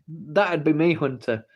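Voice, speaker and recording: A man's voice: a little high, darkish tone, breathy edge. Teasing English man on a livestream. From England. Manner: playful, teasing, pleading for the story. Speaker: livestream host. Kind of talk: casual livestream chat. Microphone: phone.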